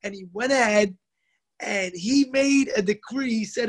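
A man telling a moral story in a sermon, animated, slowing down for emphasis and voicing the characters in his tale. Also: high voice, poor audio.

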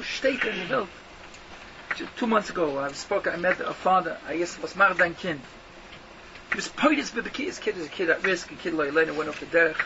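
A man giving an emphatic yeshiva-style Torah lecture, firing rhetorical questions and mixing in Yiddish and Hebrew terms. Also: sits high. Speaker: rabbi giving a Torah talk. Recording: muffled lo-fi recording with noticeable background noise.

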